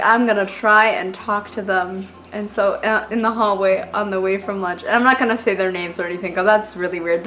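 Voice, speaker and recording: A woman's voice: medium pitch, fairly bright tone. A teenage girl telling stories to camera in a casual, rambling way, full of filler words and self-deprecating asides. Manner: chatty, rambling, heavy on "like" fillers. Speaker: vlogger.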